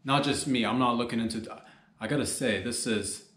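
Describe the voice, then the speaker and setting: Man, comedy podcast host, loose rambling jokey delivery, mid-pitched, roomy echo. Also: normal speed, fairly bright tone. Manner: rambling, jokey, talks straight to listeners. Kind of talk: rambling solo comedy monologue.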